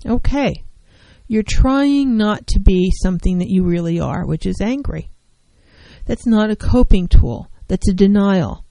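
Earnest woman counselor, mellow dry voice. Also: medium pitch, lively intonation, a little slow, vocal fry, no room sound, poor audio. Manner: earnest, emphatic, repeats key phrases. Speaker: licensed professional counselor. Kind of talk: educational talk on mental health.

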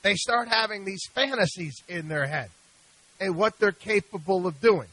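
On his studio radio show, a middle-aged host who advises on investments sounds exasperated and lively, his pitch high and bright, his speed normal. Stumbles, repetitions, and restarted sentences keep cropping up. The recording is low quality, close and dry with no echo.

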